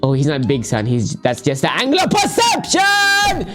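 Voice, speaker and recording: A tired radish father in a game voice-over, put on by the player, giving dry, deadpan answers. The voice sits at a middling pitch but swings widely. Faint music plays behind it. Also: moderate pace.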